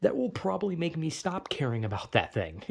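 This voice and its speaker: Gravelly man ranting bluntly. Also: fairly high pitch, huge pitch swings, fairly quick, darkish tone. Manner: blunt, swearing, laughs at own jokes. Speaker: vlogger. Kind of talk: profane casual rant.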